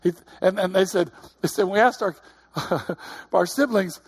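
A man's voice: sits high, brisk, husky. A man in his fifties preaching a sermon in a conversational way, with repeated calls of "Amen?" and laughing asides. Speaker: pastor.

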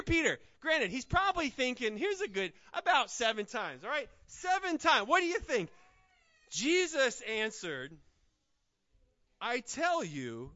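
Man, pastor, sermon, high bright voice, dry close sound, animated delivery. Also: dry recording. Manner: animated, swinging from loud emphasis to hushed, slow delivery. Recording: slightly dull, lo-fi sound.

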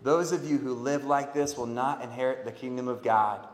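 A man's voice: mid-range voice, fairly even intonation, normal speed. Fervent preacher man in an echoey hall. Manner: swings from loud emphatic calls to quiet earnest pleas. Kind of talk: sermon.

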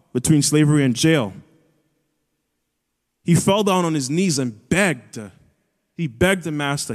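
A pastor preaching a sermon in an earnest way, rising to emphatic high peaks as he retells a scripture story. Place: church auditorium. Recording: long hall reverb.

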